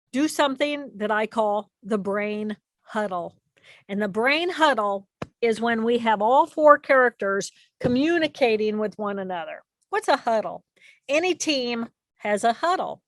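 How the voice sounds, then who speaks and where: A woman with a high voice presents an explanatory lecture to an audience in an animated way, acting out inner voices and repeating phrases. The recording is dry, with clean studio sound.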